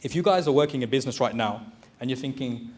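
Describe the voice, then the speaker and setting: A man's voice: mid-range voice, quick pace, a little mellow. A man giving a direct, exhorting motivational talk to a live audience, calling them brothers. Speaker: motivational speaker and recruitment business owner.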